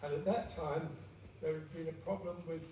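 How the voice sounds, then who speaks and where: A man's voice: fairly high pitch, fairly even intonation, normal speed, warm tone. A man in his nineties giving a public talk in a theatre hall and telling anecdotes with quoted dialogue. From England. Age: 90s. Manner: chatty storytelling with quoted dialogue. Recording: echoey hall, distant mic, noisy.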